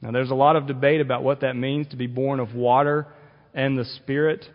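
A man's voice: mid-range voice, level tone, a little fast. Man, pastor, earnest sermon, long hall reverb, dull muffled sound. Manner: earnest, explanatory, with fillers and restarts.

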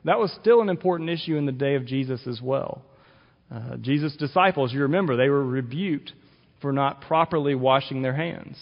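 A man's voice: mid-range voice, moderate pace, gravelly. A male pastor giving an earnest sermon, explaining scripture with occasional restarts. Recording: dull audio with long reverb in a hall.

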